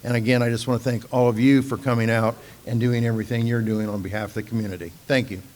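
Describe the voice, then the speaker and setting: A man speaking for the city, giving formal public remarks at a charity event in a measured way. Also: medium pitch, slight background noise. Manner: measured, steady delivery with filler "uh"s.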